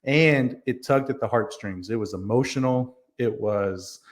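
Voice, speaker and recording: A man's voice: medium pitch, unhurried. A man co-hosting a wrestling podcast, chatting casually and earnestly arguing his picks, with plenty of ums and you-knows. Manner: earnest, makes his case with fillers. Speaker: podcast co-host. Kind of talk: casual chat.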